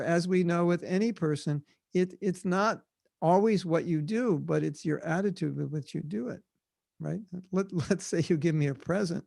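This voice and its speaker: Animated American man, gravelly voice. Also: high voice, no room sound. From United States. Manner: animated, acts out little quoted voices and laughs often. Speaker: spiritual teacher. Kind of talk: devotional seminar talk. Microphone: video call.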